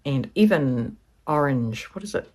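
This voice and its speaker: Low-voiced chatty New woman. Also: animated, unhurried, darkish tone. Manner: chatty, rambling, acts out quoted voices. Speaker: vlogger. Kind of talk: casual chat to camera.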